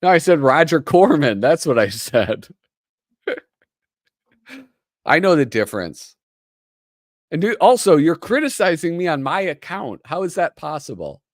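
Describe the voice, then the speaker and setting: A man's voice: a little high, sing-song, unhurried, pauses often, dry recording, studio quality. A man hosting a casual livestream, rambling and self-deprecating as he reads through comics. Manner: rambling, self-deprecating, lots of fillers and laughs. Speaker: host. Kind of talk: casual livestream chat while reading comics. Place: home streaming setup.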